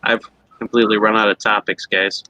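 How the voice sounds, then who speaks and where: A man's voice: fairly low pitch, little pitch movement, fairly quick, bright, forceful tone, rough recording. A man on a casual livestream panel, making blunt remarks and asking teasing questions. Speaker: panel guest.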